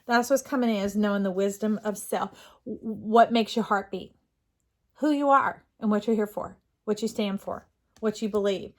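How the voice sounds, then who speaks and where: A woman's voice: medium pitch, moderate pace, darkish tone. Rambling middle-aged woman reading tarot. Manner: earnest, rambling with restarts and fillers. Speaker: tarot reader.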